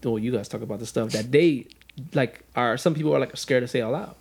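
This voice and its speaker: A man's voice: medium pitch, fast, a little mellow, breathy edge. A young man guesting on a casual podcast chat, laid-back and teasing with his questions.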